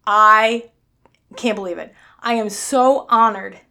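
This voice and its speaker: A woman's voice: mid-range voice, slow, vocal fry, pushed and bright. A woman with a New York accent hosting her own weight-loss podcast in a chatty, upbeat, blunt and self-mocking way. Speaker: podcast host.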